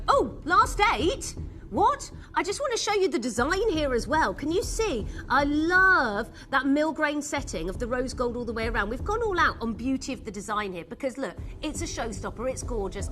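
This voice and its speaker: A woman's voice: high-pitched, animated, a little fast, few pauses, fairly bright tone, a little hiss or hum. A woman presenting jewelry on a live shopping channel, chatty and gushing as she greets viewers by name. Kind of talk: live jewelry sales pitch. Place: television studio.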